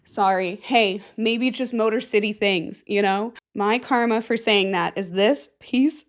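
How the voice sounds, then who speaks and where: A woman's voice: medium pitch, a little slow, hardly any pauses. A woman hosting a casual solo podcast, goofy and self-mocking, with plenty of swearing. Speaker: podcast host.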